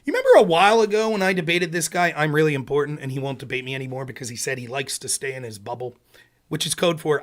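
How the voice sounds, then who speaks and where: A man with a high voice delivers a heated political rant on his stream. He is sarcastic and keeps firing questions at his audience. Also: lively intonation, quick pace. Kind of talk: casual ranting commentary.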